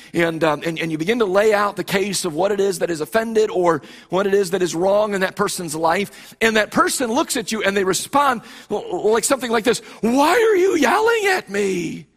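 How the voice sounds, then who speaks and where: Husky-voiced man preaching a sermon. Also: high-pitched, fairly bright tone. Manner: emphatic preaching with frequent repetitions and restarts. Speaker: pastor.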